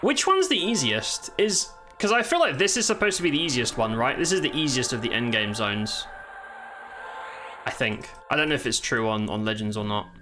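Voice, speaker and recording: A man with a medium-pitched, sing-song voice speaks at normal speed while streaming gameplay live. He provides commentary, swears, exclaims, and talks with viewers, with faint game music in the background.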